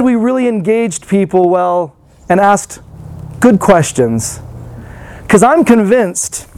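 Man, pastor, sermon, high voice, casual talk, rhetorical questions. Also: darkish tone, slight background noise. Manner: conversational, many rhetorical questions and fillers.

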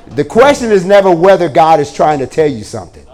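A man preaching a sermon to a congregation in a church, moving from quiet prayer to energetic storytelling. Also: a little high, brisk. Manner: starts with hushed prayer, then lively storytelling with voiced characters. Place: church hall before a congregation.

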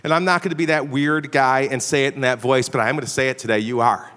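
Middle-aged preacher guy from chicago, high bright voice, chatty and self-deprecating, big echoey hall. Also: fast, clean tone. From Chicago area, USA. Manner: self-deprecating, conversational, often adds "all right?". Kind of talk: storytelling sermon. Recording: long reverb of a big hall.

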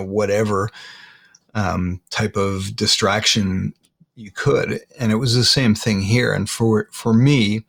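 A man, a guest in an interview, retelling a painful personal story haltingly, often repeating words. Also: on the low side.

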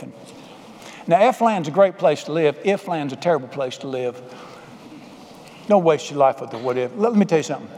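A man with a slightly high, darkish voice preaches fairly quickly, folksy and emphatic, calling for amens in call-and-response with his congregation. The recording, made in a church sanctuary, carries a long hall reverb.

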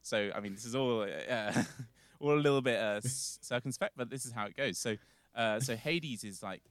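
A man's voice: mid-range voice, moderate pace, dry recording. Rambling male storyteller, dry sound. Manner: rambling, filler-heavy retelling. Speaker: podcast guest storyteller. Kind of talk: casual storytelling.

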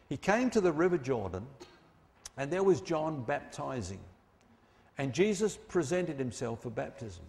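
A man preaching a sermon, emphatic, slowing down and dropping low on key phrases. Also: a little mellow, long reverb tail.

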